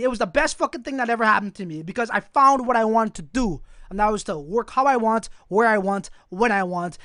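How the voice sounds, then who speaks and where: A young man from Canada hosting a crypto livestream, telling a story in a profane, animated way and talking straight to his viewers. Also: high voice, no echo, studio quality. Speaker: crypto channel host.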